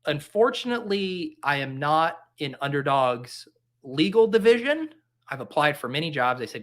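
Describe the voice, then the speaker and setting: A man's voice: a little high, big pitch swings, moderate pace, a bit bright. A man hosting a casual livestream, joking and reading chat aloud in a mock-earnest way. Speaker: fantasy football streamer. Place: home basement.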